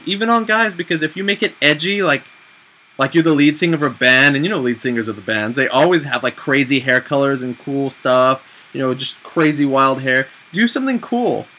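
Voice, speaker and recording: A man in his twenties giving casual, self-mocking advice in a chatty, animated way on a home vlog. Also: a little high, slight background noise, poor audio. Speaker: vlogger.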